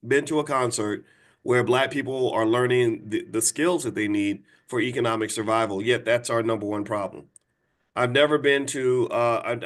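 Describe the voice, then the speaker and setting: A man's voice: medium pitch, fairly bright tone. A man in his fifties, a financial educator, talking bluntly to viewers. He is emphatic and direct, often repeats and restarts, and asks the audience to reply. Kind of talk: blunt preachy talk to a live audience.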